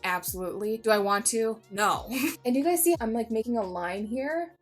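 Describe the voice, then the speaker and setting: A woman's voice: on the high side, lively intonation, normal speed, soft background music. A woman giving a casual makeup tutorial, chatty and jokey, swearing freely and mocking herself. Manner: self-mocking asides. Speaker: beauty vlogger.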